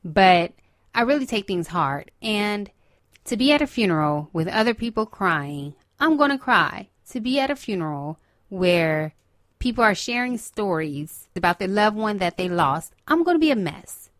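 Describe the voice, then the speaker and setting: A woman's voice: lowish voice, animated, moderate pace, no room sound, clean studio sound. A woman hosting her own podcast, chatting alone in an emotional, earnest way and repeating phrases for emphasis. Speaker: podcast host. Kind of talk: solo casual chat.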